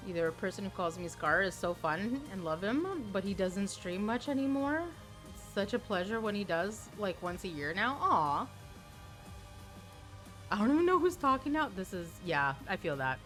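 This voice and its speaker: A woman's voice: medium pitch, animated, moderate pace, a bit bright, soft background music. A woman streamer chatting casually and playfully with her viewers. She sounds a little tired and often repeats words as she restarts.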